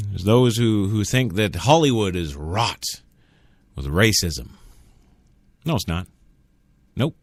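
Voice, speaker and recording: A man hosting a solo talk radio show, opinionated and sarcastic, talking straight into a studio mic. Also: no echo. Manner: opinionated, sarcastic, lively swings in pitch.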